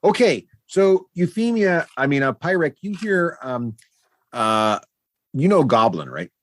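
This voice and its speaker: A man running a tabletop game as game master, playful and animated. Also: on the high side, unhurried.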